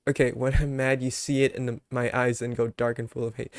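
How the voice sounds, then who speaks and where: A man's voice: medium pitch, wildly swooping pitch, normal speed, no echo, studio quality. A young man chatting casually on his live stream, ranting with mock anger at his chat, then laughing and apologizing.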